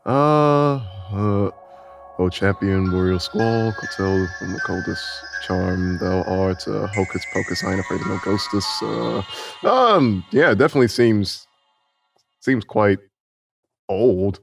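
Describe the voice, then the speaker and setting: A man's voice: fairly low pitch, takes it slowly, creaky, music in the background. A man playing an easygoing adult guardian. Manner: rambling, hesitant, jokey. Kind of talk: tabletop role-play.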